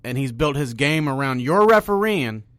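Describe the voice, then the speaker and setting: A man's voice: mid-range voice, moderate pace, dry recording. A man co-hosting a sports podcast, arguing his points in casual debate and talking over his co-host. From Ohio. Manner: argumentative, talks over his co-host, gets loud when excited.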